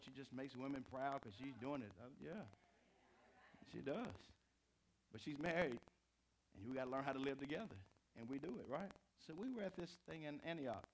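A man preaching a sermon to a live congregation, telling stories with big swings from quiet to shouting. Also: a little hiss or hum. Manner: animated storytelling, swinging from low to shouted. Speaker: pastor.

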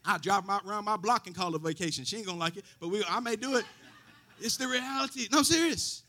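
A middle-aged pastor delivers a sermon in a fairly high, bright, forceful voice. He swings from loud preaching to hushed asides, dropping in folksy stories along the way. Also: quick pace.

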